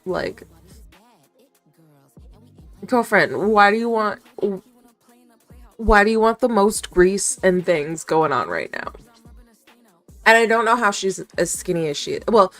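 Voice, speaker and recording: A woman's voice: mid-range voice, very animated, measured pace, soft background music. A young woman streamer chatting casually with her chat, rambling, giggling often and swearing offhand.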